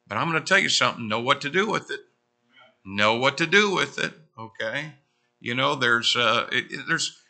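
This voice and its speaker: A man's voice: medium pitch, sharp tone. A middle-aged man preaching in a church, telling stories conversationally with frequent asides to his congregation. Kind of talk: sermon.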